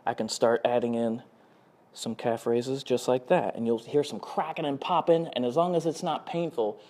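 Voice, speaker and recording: A man, a fitness instructor, calmly talking viewers through gentle ankle exercises. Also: medium pitch, normal speed. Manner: calm, easygoing instructions. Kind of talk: exercise demonstration.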